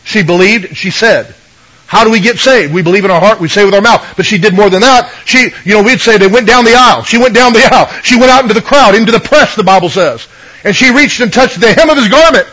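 A man with a fairly high voice preaches a conversational sermon, retelling scripture stories and calling for amens from the congregation. It sounds like a radio broadcast. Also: quick pace, pushed and bright, rough recording. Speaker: pastor.

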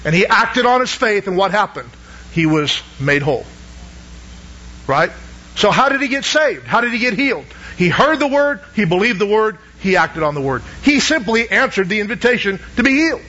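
A man's voice: high voice, very animated, normal speed, pushed and bright, highs cut off. A man preaching a sermon, asking the congregation questions and pressing each point with emphasis. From Southern United States. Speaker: pastor.

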